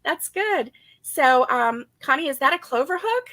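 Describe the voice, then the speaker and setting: Bright, chatty woman crochet host. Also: high voice, lively intonation, a little slow, dry recording. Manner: chatty, giggly, greets viewers by name. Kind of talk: casual crochet-along chat.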